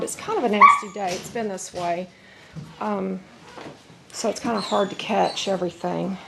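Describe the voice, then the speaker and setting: A woman's voice: mid-range voice, vocal fry, fairly bright tone, slight background noise. A woman filming her dogs at home on a handheld camera, chatting in a rambling way between firm commands to them. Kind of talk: casual home video narration. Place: at home, indoors.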